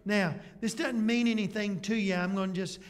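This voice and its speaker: High-voiced preacher in an echoing church. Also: male voice, fairly even intonation, moderate pace, clear, resonant tone. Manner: conversational preaching, rhetorical questions. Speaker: pastor. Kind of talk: sermon. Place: church sanctuary. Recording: church hall reverb.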